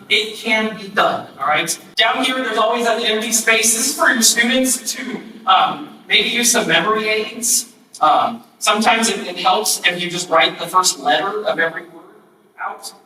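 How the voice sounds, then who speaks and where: A high-voiced man talks youth leaders through a program in a loose, repetitive way, checking in with them often. His bright tone carries through a very echoey room, heard from some distance off the mic. Faint room noise sits behind him. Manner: casual, repeats himself, many ums, checks in with okay. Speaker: ministry trainer. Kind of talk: training talk to youth leaders.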